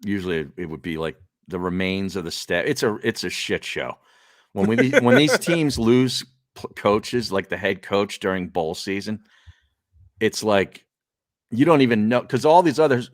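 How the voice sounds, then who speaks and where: A man co-hosting a casual sports talk show, relaxed and wry, trailing off as he reads. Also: lowish voice, normal speed, dry recording, studio quality. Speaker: co-host.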